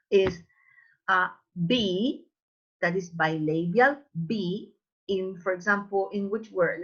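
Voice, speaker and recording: Slow, husky-voiced woman teaching English. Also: medium pitch, a bit bright, lo-fi sound. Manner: demonstrates sounds slowly, repeating words. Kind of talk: online class lesson.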